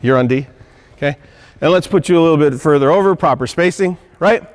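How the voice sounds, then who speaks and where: High-voiced coach in an echoing gym. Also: male voice, brisk. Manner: instructive, punctuates points with "okay?" and "right?". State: out of breath. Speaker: basketball coach. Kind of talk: on-court coaching demonstration.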